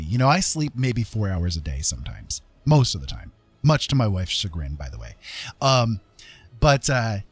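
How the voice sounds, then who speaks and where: A man's voice: mid-range voice, no room sound. A middle-aged man hosts a late-night livestream, chatting in a loose, wandering way. He restarts sentences and fills gaps with ums and you-knows. His voice is dry and close, with faint music underneath. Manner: rambling, loose, with many fillers and restarts. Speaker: livestream host. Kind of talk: casual livestream chat.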